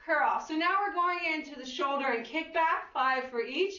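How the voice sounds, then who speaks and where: A woman fitness instructor with a high, bright voice cues an exercise class in an unhurried, upbeat way, counting reps and whooping. She is heard from a distance in an echoey room, on a dull lo-fi recording. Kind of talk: guided exercise class cueing.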